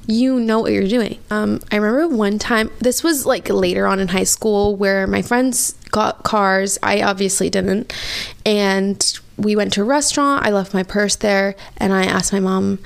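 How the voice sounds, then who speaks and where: A woman's voice: mid-range voice, unhurried, gravelly. A young woman in her twenties hosting a podcast, telling a personal story candidly and emotionally with many "like" fillers. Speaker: podcast host.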